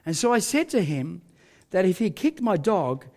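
A man's voice: high-pitched, big pitch swings, normal speed, a little mellow. A male pastor, telling a story in a sermon with self-mocking humour and frequent laughter.

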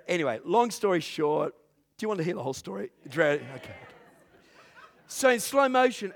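A man preaching a sermon to a congregation, who swings from loud, drawn-out preaching to hushed storytelling and laughs at his own jokes. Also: on the high side. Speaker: pastor. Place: church in front of a congregation.

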